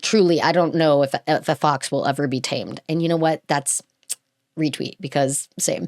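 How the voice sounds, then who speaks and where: A woman's voice: fairly low pitch, dry recording, clean studio sound. A woman hosting a podcast, reading a script aloud and breaking off into chatty, gushing asides full of fillers. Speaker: podcast host. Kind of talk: casual chat reading and reacting to a script.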